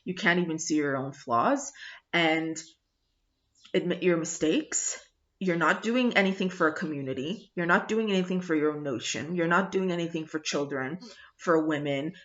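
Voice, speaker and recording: A woman's voice: on the low side, fairly bright tone. A woman vlogger ranting bluntly to camera, emphatic and full of swearing, on a dull lo-fi recording. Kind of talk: angry review rant to camera. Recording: dull lo-fi sound.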